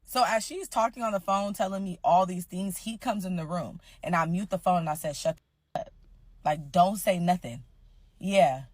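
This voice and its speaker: A young woman telling a personal story in a casual, animated way, acting out quotes and bursting into loud outrage. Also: on the low side, moderate pace, no room sound, low-quality recording.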